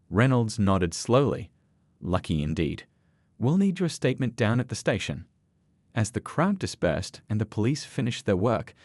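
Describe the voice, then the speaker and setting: A man narrating a scripted story in a steady, even storytelling read. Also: on the low side, no echo.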